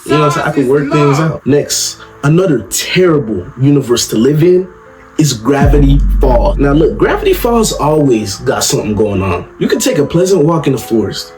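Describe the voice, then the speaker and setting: A young man doing comedic commentary in an animated, slangy way, often asking "you know what I'm saying". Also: mid-range voice, normal speed. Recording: music playing under the voice.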